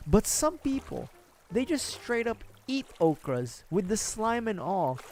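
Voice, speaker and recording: A man's voice: high voice, big pitch swings, unhurried, darkish tone. A young man streaming, chatting casually and rambling, with frequent laughs. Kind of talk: casual livestream chat.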